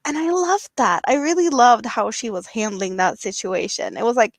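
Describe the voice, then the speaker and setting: A woman chats casually and circles around her point, scattering "like" through her sentences. Her voice is a bit high and sounds dry and close. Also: moderate pace, hardly any pauses, no room sound. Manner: rambling, many "like" fillers. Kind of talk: casual chat.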